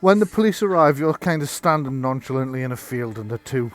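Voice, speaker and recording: A man narrating as game master, relaxed, slipping into quick lines for the police officers. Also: mid-range voice, soft background music.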